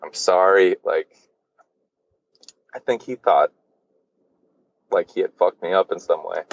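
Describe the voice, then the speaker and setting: A man's voice: low-pitched, slow, gravelly, a little mellow, slightly rough, no echo, lo-fi sound. A man guesting on a podcast, telling a personal story casually, with lots of fillers and swearing. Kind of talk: candid storytelling.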